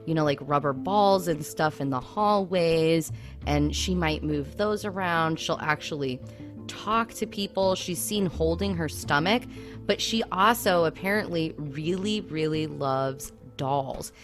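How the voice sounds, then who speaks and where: Low-pitched woman co-host, casual chat full of "I mean", faint music in the background. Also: unhurried. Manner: chatty, with lots of "like" and "I mean". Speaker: podcast co-host.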